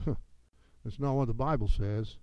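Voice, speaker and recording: A man's voice: mid-range voice, slow pace, clear, resonant tone, dry recording, highs cut off. A man preaching a sermon as pastor, with emphatic delivery that rises and falls.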